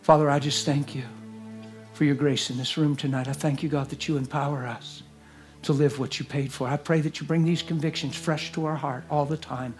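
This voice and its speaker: A man preaching a sermon and leading prayer, earnest, moving between hushed whispers and loud exclamations. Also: on the high side, fairly even intonation, a little fast, faint music behind. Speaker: guest preacher. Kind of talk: sermon with altar call and prayer. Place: church service.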